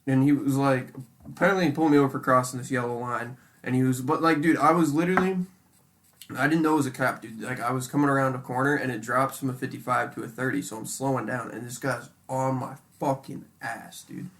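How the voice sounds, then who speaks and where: Casual male co-host, rough fry in the voice, animated and profane. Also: mid-range voice, quick pace. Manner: animated, heavy swearing, says "dude" a lot. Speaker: podcast co-host. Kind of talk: casual chat.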